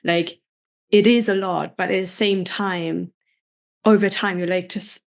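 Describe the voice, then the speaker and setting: Female coach, podcast guest, mid pitch, earnest and casual, heavy filler words. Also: fairly even intonation, unhurried, vocal fry. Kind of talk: casual conversational interview.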